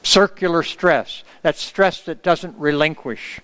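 A male preacher with a high, smooth and resonant voice delivers an earnest sermon. He sounds middle-aged and keeps checking in with the congregation for an amen. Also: takes it slowly, a bit bright. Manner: earnest, asks the congregation for amens.

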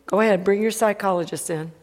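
A woman's voice: medium pitch, fast talker, long reverb tail. A woman preaching a sermon, emphatic and calling out to the congregation for amens.

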